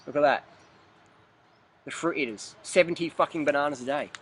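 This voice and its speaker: A man's voice: on the high side, brisk, a little hiss or hum. A man ranting bluntly in a fitness vlog, profane, emphatic and repetitive. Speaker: fitness vlogger.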